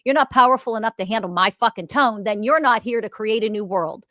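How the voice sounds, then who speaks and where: A woman's voice: a little high, fairly quick, no echo, studio quality. Profane, scolding woman podcast host. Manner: swings between loud emphasis and quiet muttering. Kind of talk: ranting monologue.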